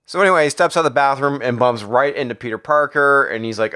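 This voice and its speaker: A man's voice: mid-range voice, quick pace, few pauses, bright, forceful tone. A man recapping a comic book in a casual, crude, sarcastic way. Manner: profane, sarcastic, jumps into character voices.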